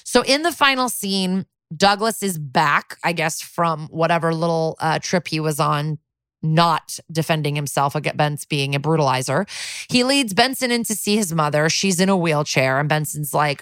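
A woman with a slightly low voice co-hosts a chatty podcast, recapping a TV plot with lively, profane asides. She acts out the characters' lines as she goes, and the recording is close and dry. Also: moderate pace, no echo. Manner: animated, swearing, acts out quotes. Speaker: podcast co-host. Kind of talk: casual recap of a TV episode.

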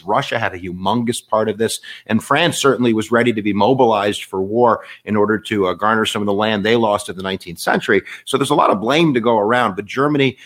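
A man teaching a history lesson in a casual, animated way, with jokes and fillers. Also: lowish voice. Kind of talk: lecture.

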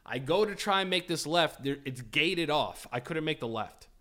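A man with a bright, slightly high voice tells a story on a casual podcast. He swears freely, acts out the other people in it and laughs at his own telling. His tone stays loose and lively. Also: moderate pace. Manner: animated, profane, laughing storyteller. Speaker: podcast host.

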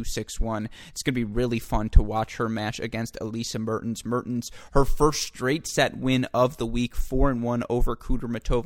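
A man hosting a sports podcast, talking in a rambling, chatty way that often stops to correct itself. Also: medium pitch. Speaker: podcast host. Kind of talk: sports podcast commentary and interview.

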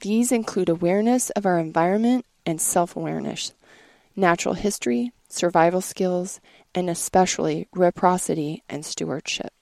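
This woman reads in a measured, earnest way with a low voice and a gravelly edge. The sound is close and dry, with no room behind it. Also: a little mellow, no echo. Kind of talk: scripted reading.

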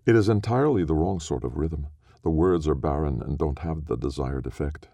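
A man reads a story aloud, slow, measured and solemn. His voice is very deep with a gravelly, dark edge. The recording is close and dry. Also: dry recording. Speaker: narrator. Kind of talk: scripted story narration.

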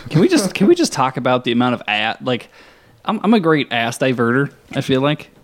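A man's voice: medium pitch, huge pitch swings, brisk. A man co-hosting a podcast, boastful and sweary, a bit tipsy from drinking. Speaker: podcast co-host. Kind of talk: casual profane banter.

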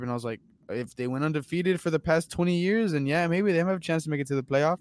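A man's voice: on the high side, fast, dry recording. Profane storytelling sports podcast man. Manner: storytelling, profane, acts out his brother. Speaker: podcast co-host. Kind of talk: casual sports chat.

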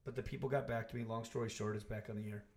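A man co-hosting a podcast, telling animated stories in casual chat. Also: on the low side, racing. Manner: animated storyteller, mimics voices. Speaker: podcast co-host.

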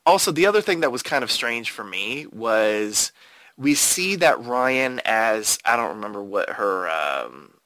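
A man co-hosting a podcast, talking in an easygoing, enthusiastic way with playful asides. His voice is bright and forceful, and he takes his time over his words. The sound is dry and close, with no room around it. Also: fairly low pitch, animated, a little slow, dry recording. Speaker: podcast co-host. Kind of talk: casual chat.

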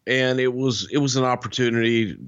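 A man, a former wrestling executive, talking in a blunt and measured way in casual podcast chat, with some swearing. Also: mid-range voice, fairly even intonation, no echo. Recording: dull lo-fi sound.

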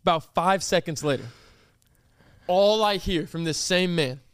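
A man's voice: high voice, a little slow, clear, resonant tone, no room sound. A young man, a podcast host telling a story casually and animatedly with lots of fillers. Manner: animated, with many fillers and reenacted quotes.

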